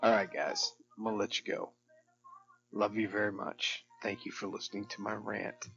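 A man's voice: fairly low pitch, little pitch movement, moderate pace, creaky, a bit bright. Tipsy fifty-year-old man ranting. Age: 50s. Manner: profane, rambling, emotional. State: tipsy from drinking. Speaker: host of a weekly rant show. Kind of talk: rambling personal rant. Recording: dull lo-fi recording with music behind.

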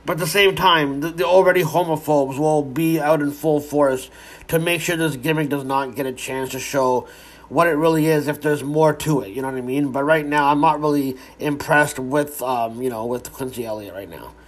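A man's voice: on the high side, normal speed. Man rambling through a wrestling recap. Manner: rambling, frequent restarts and profanity. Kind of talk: casual spoken recap.

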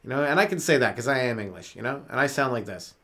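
Expressive and quick, with a sharp tone at medium pitch, a Canadian man hosts his comedy podcast alone. Short on sleep, he wanders loosely through topics, swearing often and laughing at his own jokes.

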